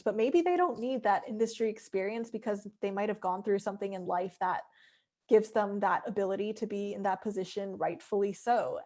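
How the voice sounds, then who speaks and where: A woman's voice: medium pitch, darkish tone. Reflective young woman losing her voice. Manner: reflective, rambling with many "like" fillers. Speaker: interview guest, animation director. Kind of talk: casual interview.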